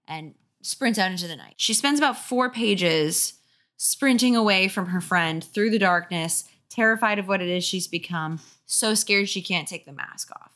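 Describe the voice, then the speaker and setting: A woman's voice: on the low side, normal speed, a bit bright. A woman with a sore throat reading a children's horror book aloud, breaking in with sarcastic, mocking asides. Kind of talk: comedic book reading with commentary.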